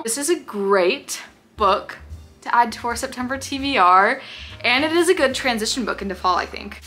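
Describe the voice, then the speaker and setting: Bubbly, bright-voiced woman book vlogger. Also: medium pitch, moderate pace, faint music behind. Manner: excitable, gasping and squealing at each pick. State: out of breath. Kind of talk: casual reading vlog.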